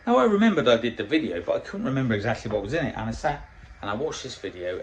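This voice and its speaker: A man's voice: medium pitch, sing-song, very fast, slight background noise, low-quality recording. A middle-aged man coaching on dieting in a casual vlog, blunt and swearing constantly as he tells stories. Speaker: diet coach.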